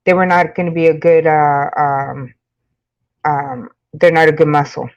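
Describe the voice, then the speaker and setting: A woman's voice: sits low, fairly even intonation, measured pace, gravelly, dull audio. A woman with a New York accent chatting casually with live-stream viewers, rambling with lots of fillers and frequent laughs. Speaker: makeup channel host.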